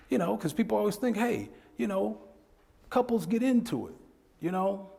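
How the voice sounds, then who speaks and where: A man leads a workshop in a fairly high voice that swings up and down in pitch as he talks. He lectures in a loose, conversational way and laughs often. The sound carries a long hall reverb. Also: expressive, moderate pace, vocal fry, mellow. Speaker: workshop presenter. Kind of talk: lecture with storytelling. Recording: echoey hall.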